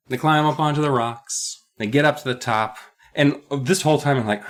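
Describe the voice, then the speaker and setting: A man's voice: medium pitch, brisk, fairly bright tone. A man co-hosting a comedy podcast, recapping a book in a sarcastic, profane way. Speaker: podcast co-host.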